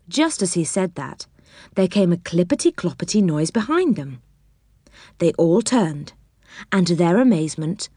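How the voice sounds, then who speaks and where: A woman narrating a children's storybook in a lively, expressive way. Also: on the low side, no echo, clean studio sound.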